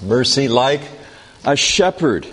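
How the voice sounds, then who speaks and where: A man teaching a Bible study in a classroom, speaking deliberately and reading scripture passages aloud with emphasis. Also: medium pitch, big pitch swings, a bit bright, husky. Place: classroom with a board.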